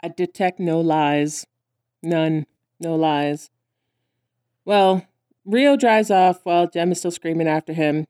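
A woman co-hosting a podcast, chatting casually about a cartoon episode, laughing often and acting out characters' lines in high squeals. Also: slow, pauses often, mellow, clear, resonant tone, no room sound, clean studio sound. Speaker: podcast co-host.

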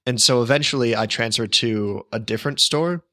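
A young man tells a long story in a loose, rambling way, wry and amused at himself. His voice sits at a middle pitch. The sound is close and dry. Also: moderate pace, a bit bright, no echo. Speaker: podcast co-host. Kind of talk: casual storytelling chat.

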